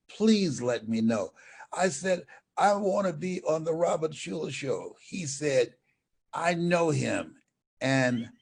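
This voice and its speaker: An older man, a motivational speaker, telling stories as an interview guest and acting out the dialogue. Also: mid-range voice. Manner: animated storyteller, acts out dialogue. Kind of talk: storytelling interview.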